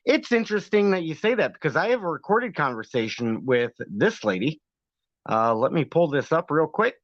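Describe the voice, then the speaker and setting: A man's voice: fairly high pitch, sing-song, moderate pace, no echo. A man hosting a livestream, talking casually with a sarcastic, argumentative edge and frequent laughs. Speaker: livestream host. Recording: dull lo-fi dry sound.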